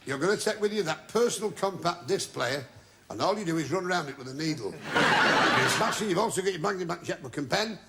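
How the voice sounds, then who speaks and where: A man hosting a TV game show with wisecracking jokes and drawn-out asides to the audience. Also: a little high, expressive. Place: TV studio with a live audience. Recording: loud studio audience and noise from an old TV broadcast.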